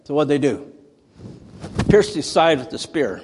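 A man's voice: on the high side, sing-song, a little slow, long reverb tail, background noise. A male preacher giving a sermon, telling stories conversationally and rising into dramatic outbursts. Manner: conversational storytelling with dramatic bursts.

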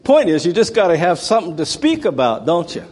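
A man's voice: high-pitched, big pitch swings, brisk, a little mellow, slightly rough, long reverb tail. A male preacher giving a sermon, telling stories conversationally and rising into dramatic outbursts. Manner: conversational storytelling with dramatic bursts.

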